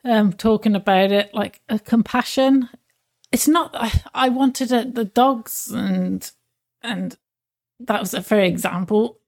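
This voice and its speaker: A woman with a fairly high voice, talking in a relaxed podcast chat. Her speech is halting, full of restarts and searches for the right word. She is open and emotional. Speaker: podcast co-host. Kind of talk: casual chat.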